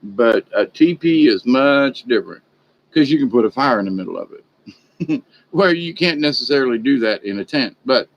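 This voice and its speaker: A male vlogger talks at normal speed in a mid-range voice, captured with lo-fi sound. His monologue is casual and meandering, full of folksy chatter, and he perks up when replaying exchanges.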